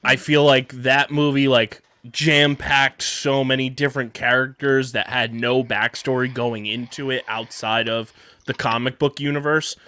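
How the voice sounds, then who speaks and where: Smooth-voiced male podcast host. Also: mid-range voice, unhurried, no room sound. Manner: relaxed, hands the floor to others. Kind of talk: casual podcast chat. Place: podcast studio.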